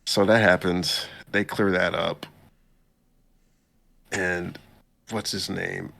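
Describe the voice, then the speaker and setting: Low gravelly man recapping an anime. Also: takes it slowly. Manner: animated retelling, pitching up to quote characters; laid-back slangy delivery. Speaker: podcast host recapping an anime episode. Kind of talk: casual chat.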